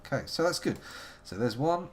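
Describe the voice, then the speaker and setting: A man's voice: a little high, lively intonation, normal speed, slight background noise. A man giving playful, wordy live commentary on a game he is playing, making theatrical asides to his chat. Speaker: live-streaming game player.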